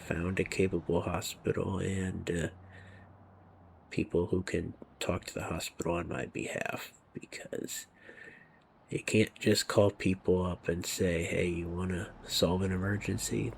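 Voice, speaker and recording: Gravelly low-voiced man musing over gameplay. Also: little pitch movement, measured pace, slight background noise. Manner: rambling, musing, drifts to a near whisper. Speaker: gaming video creator. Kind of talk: casual commentary over gameplay.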